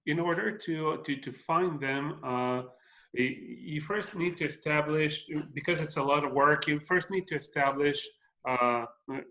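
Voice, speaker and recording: A man's voice: mid-range voice, pushed and bright. A man moderating a webinar and taking over the presentation, speaking hesitantly with stumbling restarts.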